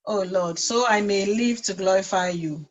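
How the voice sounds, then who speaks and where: A woman's voice: medium pitch, moderate pace. A woman student reading lyric lines aloud in a class.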